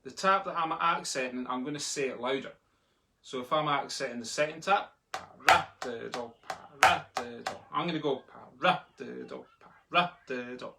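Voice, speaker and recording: A man's voice: fairly high pitch, a little fast, pushed and bright. A man teaching a live online drumming lesson from home, chatty and chanting the sticking aloud as he plays. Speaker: drumming tutor. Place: home room. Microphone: laptop in front of him. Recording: noisy, with drumstick clicks behind.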